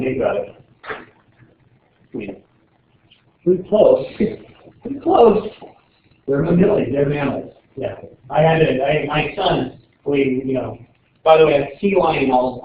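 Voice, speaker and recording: A man's voice: mid-range voice, unhurried, slight background noise. A man teaching a biology class, joking and rambling as he lectures, recorded from the back of a classroom. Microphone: far camera. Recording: distant, echoey, tinny classroom camera audio.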